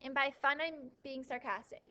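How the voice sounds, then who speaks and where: A woman teaching a math class, lively, asking questions and answering them herself, with a touch of dry sarcasm. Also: high voice, normal speed, lo-fi sound, a little hiss or hum. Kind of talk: classroom lecture.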